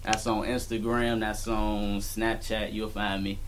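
A man, a guest on a casual podcast, telling stories in an animated way, often stammering and repeating himself. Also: fairly low pitch, unhurried.

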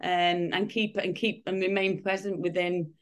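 A woman's voice: on the low side, level tone, normal speed. A woman in her fifties, a guest in a casual interview, talking in rambling sentences full of restarts and fillers. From United Kingdom. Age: 50s.

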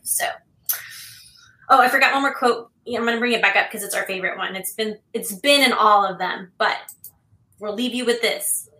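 A woman's voice: mid-range voice, fairly quick, pushed and bright, echoey room, poor audio. A woman co-hosting a relationship podcast, talking casually in an emphatic, coaching way. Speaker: podcast co-host.

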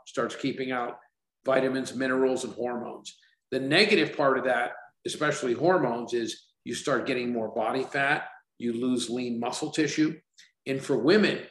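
A man in his sixties, a company founder chatting in an interview, telling stories lively and acting out the voices of people he quotes. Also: medium pitch, echoey room, rough recording. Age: 60s. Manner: animated storyteller, acts out quoted dialogue. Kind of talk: casual interview talk.

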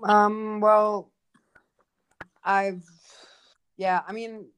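Speaking extremely slowly, this young woman, a painter and art teacher of Kurdish background, has a mid-range voice with a clear, resonant tone. Her casual conversation is animated and expressive, packed with fillers.

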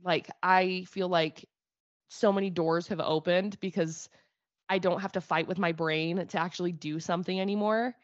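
A young woman from Utah chats casually as a podcast co-host, rambling and laughing at herself. Her voice sits on the low side. The recording is dry and a little muffled. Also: moderate pace, dry recording. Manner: rambling, animated, self-deprecating. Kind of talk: casual chat.

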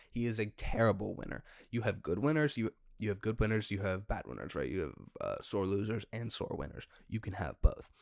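A young man hosting a solo podcast, ranting in an exasperated way with sudden loud outbursts. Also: fairly low pitch, vocal fry, no room sound, clean studio sound. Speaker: podcast host.

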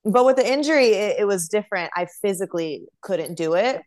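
A young adult woman, a professional dancer, telling stories in an animated, chatty way as an interview guest. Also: medium pitch, brisk. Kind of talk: casual interview chat.

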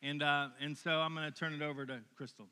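Bright-voiced man preaching in a church. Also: on the high side, flat delivery, clear, resonant tone. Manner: casual, halting, with repeated words. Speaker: pastor. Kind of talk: sermon. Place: church sanctuary. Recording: long reverb of a large hall.

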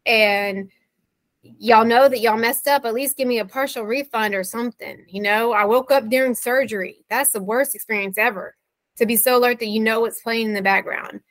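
Woman guest, 30s, higher voice, dry close sound, wry exasperated storyteller. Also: normal speed, a bit bright, dry recording. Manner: recounting messages, quoting back and forth. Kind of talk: interview storytelling.

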